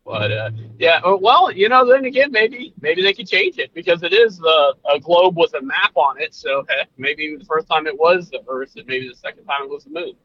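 A podcast co-host chats casually, his slightly high, sing-song voice moving at normal speed with few pauses. He's easygoing and rambling, full of fillers and restarts. The recording has its highs cut off.

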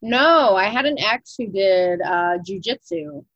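A woman's voice: medium pitch, animated, slow pace, dry recording, highs cut off. A young woman co-hosting a podcast in casual chat, talking loosely with lots of "like" fillers and casual swearing. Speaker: podcast co-host.

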